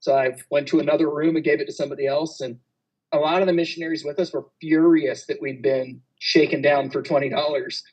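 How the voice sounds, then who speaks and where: A man with a husky, slightly breathy voice pitched a little high speaks as a panelist at a medical conference. He tells stories with an easy, laughing delivery and quick asides. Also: steady tone, darkish tone, low-quality recording. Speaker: panelist physician.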